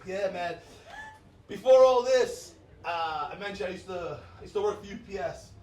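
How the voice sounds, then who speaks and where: Brash high-pitched New comic. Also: male voice, lively intonation, normal speed, darkish tone, slight background noise. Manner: brash, crude, keeps laughing at his own jokes. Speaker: stand-up comedian. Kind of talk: stand-up set. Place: comedy club stage. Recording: echoey club sound from a distance.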